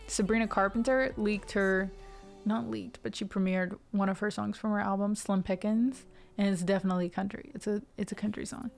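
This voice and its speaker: A woman's voice: mid-range voice, fairly even intonation, brisk, vocal fry. A woman from the Ohio River Valley hosting a music livestream, chatting casually and rambling with restarts and fillers. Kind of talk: casual chat with stream viewers.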